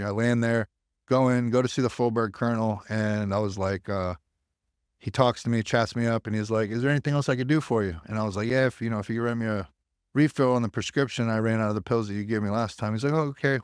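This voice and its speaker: Blunt, profane man, lowish voice. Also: steady tone, fast talker, clean tone, dry recording, clean studio sound. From United States. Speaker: podcast guest, army veteran. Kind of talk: candid storytelling.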